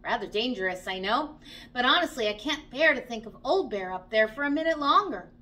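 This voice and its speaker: A woman's voice: fairly high pitch, expressive, a little fast, sharp tone. Woman reading a kind clever teddy bear.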